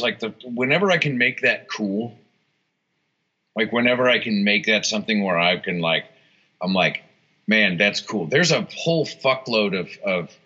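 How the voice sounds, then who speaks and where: A guitarist and songwriter appearing as an interview guest has a lowish, sharp voice. In the casual conversation he rambles with plenty of restarts, fillers and profanity, and the recording is dull lo-fi.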